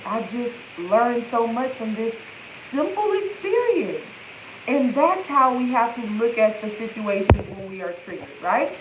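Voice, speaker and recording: A woman talks straight into her phone like a healing coach on a live stream. Her voice sits a little high, and she leans into emphatic, repeated affirmations. The room around her is echoey, with a faint hiss under the sound. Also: lively intonation, a little slow. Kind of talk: live-stream self-help talk.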